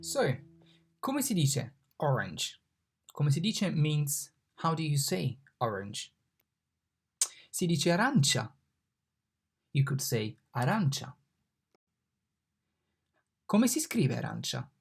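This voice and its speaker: A teacher walks learners through letters and words in a slow, careful lesson. The voice is gravelly and husky, and each sound is repeated patiently. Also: medium pitch, sing-song. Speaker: Italian language teacher. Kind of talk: online language lesson.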